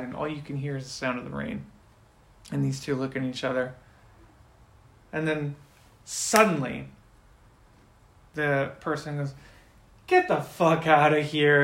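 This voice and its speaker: A man runs a tabletop role-playing game as game master and narrates the scene. He talks in a slightly high voice and breaks into loud outbursts when he voices characters. The room gives his voice a noticeable echo.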